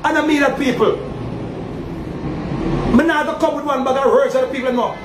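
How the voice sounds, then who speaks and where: High-voiced Jamaican man ranting in an echoey room. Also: fairly even intonation, brisk, over music. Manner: preachy, repetitive, calls out "people" often. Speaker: self-styled community leader addressing fans. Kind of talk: animated street-style rant.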